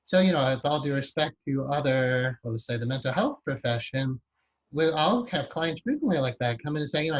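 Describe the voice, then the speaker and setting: A man's voice: medium pitch, lively intonation, fairly quick, lo-fi sound. Talkative man interviewing, full of examples. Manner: talkative, builds long examples, frequent "right?". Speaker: interviewer and hypnotherapy teacher. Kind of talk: conversational interview.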